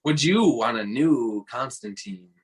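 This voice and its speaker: Husky-voiced man in easygoing chat. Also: medium pitch, lively intonation, measured pace, rough recording. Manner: conversational, asks questions, laughs easily. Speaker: podcast guest. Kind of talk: casual chat.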